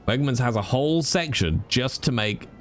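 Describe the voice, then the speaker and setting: Lively-voiced British man chatting with viewers. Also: medium pitch, normal speed, faint music behind. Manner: chatty, joking. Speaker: streamer. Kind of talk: casual chat with viewers.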